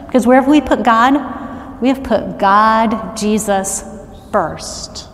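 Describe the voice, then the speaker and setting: Slow-talking woman preaching in a reverberant church. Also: mid-range voice. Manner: animated, calls on the congregation to answer and repeat. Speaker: worship arts director preaching. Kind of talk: sermon. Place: church sanctuary. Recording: long reverb of a large church hall.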